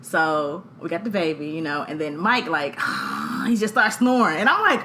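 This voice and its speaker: A woman, co-hosting a podcast and telling a story, animated and laughing, acting out voices. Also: medium pitch, normal speed, hardly any pauses, background noise. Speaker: podcast co-host. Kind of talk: casual storytelling chat.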